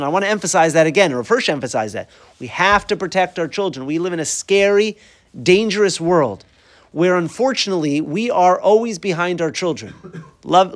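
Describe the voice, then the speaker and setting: A middle-aged man teaching a weekly Torah class in a conversational way, asking rhetorical questions and mixing in Hebrew and Yiddish terms. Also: high voice.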